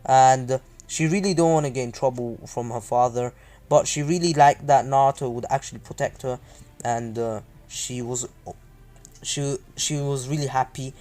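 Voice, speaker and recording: A man's voice: medium pitch, steady tone, normal speed, mellow. A man casually retelling a fan story, rambling with many hesitations and asides.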